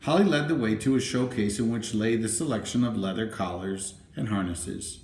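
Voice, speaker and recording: A man narrating a children's storybook in a gentle, even reading voice. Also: lowish voice, normal speed. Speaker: audiobook narrator. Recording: roomy, echoey room.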